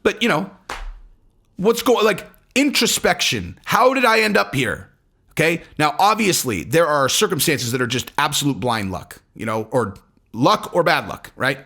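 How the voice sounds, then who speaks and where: Lively, animated man riffing casually. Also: a little high, moderate pace, husky. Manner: animated, rambling, acts out quotes in other voices; blunt and profane. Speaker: MMA commentator. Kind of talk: casual commentary vlog.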